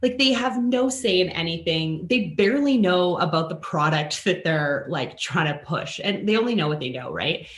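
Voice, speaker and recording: A woman from Canada, a guest on a podcast, telling a story in a casual way and acting out the people she quotes with big jumps in pitch. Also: expressive, moderate pace, few pauses. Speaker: guest, influencer and author. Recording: roomy echoing room.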